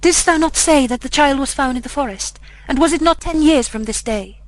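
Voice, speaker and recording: A woman's voice: sits high, a little fast, lightly acted, poor audio. A woman reading the part of a ragged, grieving beggar mother who pleads in a tearful way. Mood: urgent.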